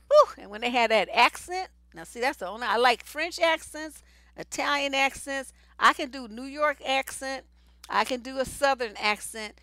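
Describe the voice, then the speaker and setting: A woman's voice: a little high, sharp tone, no room sound. A woman giving blunt, slangy relationship advice in a casual live stream. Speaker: relationship coach.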